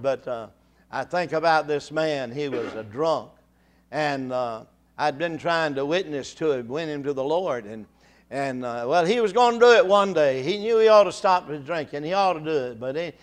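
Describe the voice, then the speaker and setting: Older preacher with halting restarts. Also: male voice, on the high side. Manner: halting restarts, rising to fervent exhortation. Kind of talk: sermon.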